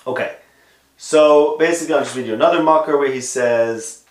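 A man giving a conversational Torah lecture on a podcast, stressing some words loudly and dropping to quiet asides, with Hebrew and Yiddish terms mixed in. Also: on the high side, a little fast, echoey room. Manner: emphatic, swings between loud stresses and quiet asides.

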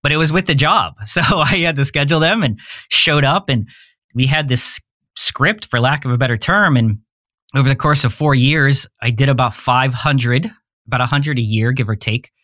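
A man's voice: medium pitch, moderate pace, pushed and bright, no room sound, studio quality. Candid rambling man in his forties. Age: 40s. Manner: rambling, candid, often searches for words. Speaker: podcast guest. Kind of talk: casual interview storytelling.

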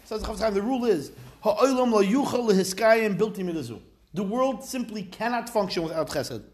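A man's voice: high voice, brisk. A man giving an informal Torah class, talking in a conversational way. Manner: lively, conversational, mixes Hebrew phrases into English. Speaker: Torah teacher.

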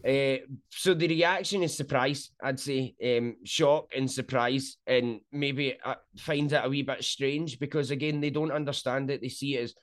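A young Scottish man with a Scottish accent, chatting as an interview guest, talking slowly and clearly and laughing easily. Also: medium pitch, fairly even intonation. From Scotland. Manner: chatty and quick to laugh, slowed down and enunciated for listeners. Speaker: guest, sumo wrestler. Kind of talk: casual interview chat.

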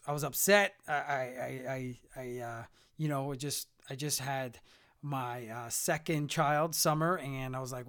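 Smooth-voiced, rambling solo podcast dad. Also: male voice, fairly high pitch, fairly bright tone. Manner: rambling, self-mocking, jokey asides. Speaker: podcast host. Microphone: studio mic.

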